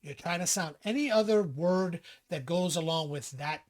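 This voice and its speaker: A man co-hosts a podcast, his voice a little high and his pace moderate. He chats casually and tells stories with lots of animation, acting out quotes and laughing often.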